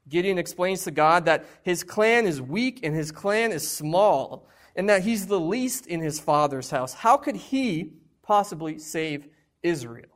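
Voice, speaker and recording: A male preacher with a fairly high voice delivers a sermon to his congregation. He talks in a conversational, emphatic way, asking rhetorical questions and sharing personal struggles openly. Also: animated, unhurried.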